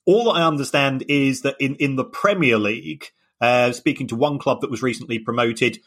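Man, mid pitch, hesitant, explanatory, podcast co-host. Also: normal speed, a bit bright. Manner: hesitant, many restarts, explanatory. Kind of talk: casual chat.

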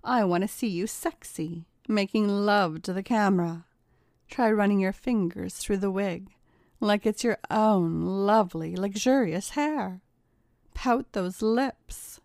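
A cold, commanding woman who purrs her orders slowly and savors every taunt, as a woman narrator puts her on. The voice sits in a plain middle register, and the recording is dry and close with no room sound. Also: medium pitch, a little mellow, dry recording. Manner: smug, commanding, drawn-out purring delivery. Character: domineering taunting adult woman.

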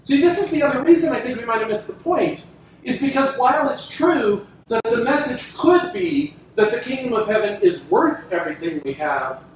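A man preaching a sermon with emphatic, drawn-out phrases and dramatic pauses, acting out quoted lines. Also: extremely high pitch, sing-song. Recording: echoey room from a distance with faint noise.

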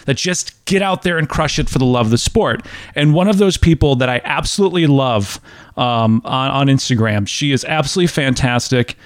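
A man's voice: on the high side, dry recording, clean studio sound. A man hosting a running podcast, chatty and enthusiastic. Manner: enthusiastic, lively, chatty with restarts. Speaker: podcast host. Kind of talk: casual interview chat.

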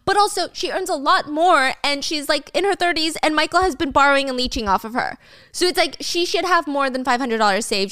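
A woman's voice: fairly high pitch, a bit bright, clean tone, no room sound, studio quality. A young woman retelling a drama in a chatty, slangy way with blunt asides. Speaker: storyteller recapping a drama. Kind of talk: casual story recap.

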